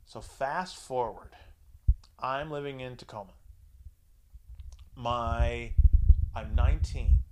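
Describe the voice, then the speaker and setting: In a low-quality recording with a slight hiss or hum, a man in his forties tells a crude personal anecdote during casual chat. He speaks slowly, pausing often, swearing freely and mimicking other people in higher voices.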